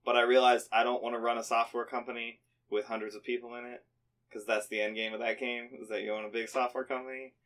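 A young man chatting casually as a podcast co-host, telling animated stories, swearing often and laughing. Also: mid-range voice, fast. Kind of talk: casual chat.

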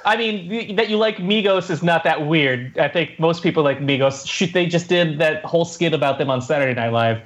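A man's voice: a little high, a little fast, hardly any pauses, muffled recording. A man hosting a casual podcast chat, laid-back and full of fillers and laughs. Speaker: podcast host.

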